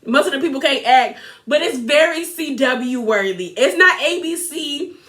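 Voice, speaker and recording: A woman hosting a casual reality TV recap vlog, animated and laughing often as she mimics people. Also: high-pitched, moderate pace.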